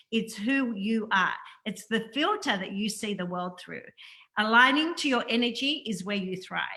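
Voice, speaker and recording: A woman hosts a spiritual interview, delivering a scripted intro in an earnest, affirming manner and repeating her phrases. Her mid-range voice sounds pushed and bright.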